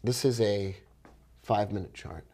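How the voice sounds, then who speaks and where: A man's voice: lowish voice, fairly even intonation, moderate pace, warm tone, breathy edge. A man giving live trading commentary, thinking aloud with upbeat exclamations and talking to viewers by name. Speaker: forex trader.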